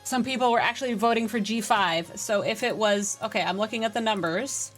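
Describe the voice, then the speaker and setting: A woman game streamer chatting casually on a live stream, reading and answering chat with excitable energy. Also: mid-range voice, brisk, faint music behind.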